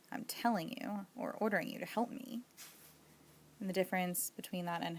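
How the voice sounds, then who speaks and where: A woman's voice: lowish voice, fairly even intonation, moderate pace. A woman teaching a casual video lesson, explaining patiently and giving spoken examples. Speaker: sign language teacher.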